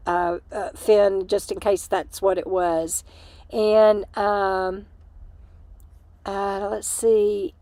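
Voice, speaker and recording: A woman's voice: a little high, no room sound. An older woman, host of a casual livestream, chatting and giggling with many fillers while short on sleep inside an RV. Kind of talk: casual livestream chat reading comments. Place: small room inside an RV.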